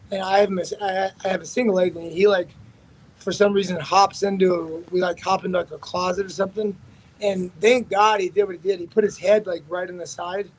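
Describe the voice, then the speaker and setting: A man's voice: high voice, darkish tone, poor audio. A man, a fighter being interviewed, telling a story in a rambling, profane way with many restarts. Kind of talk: casual storytelling.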